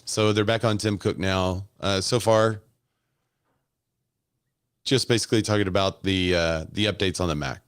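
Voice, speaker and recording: Low-voiced man musing through live commentary. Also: moderate pace, dry recording, studio quality. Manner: casual, musing, chats with viewers in comments. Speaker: host. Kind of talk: live commentary on a keynote stream.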